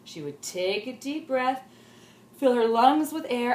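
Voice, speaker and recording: Animated woman reading a children's story. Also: fairly high pitch, unhurried. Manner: animated, sing-song storytelling. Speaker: teacher reading aloud. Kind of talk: children's story read-aloud. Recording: roomy echo.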